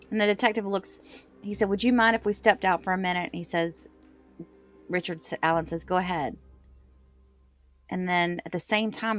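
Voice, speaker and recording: A woman casually retelling court testimony, quoting people loosely and correcting herself as she goes. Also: fairly low pitch. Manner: loose recap with filler words and self-corrections, quoting others. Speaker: true crime commentator.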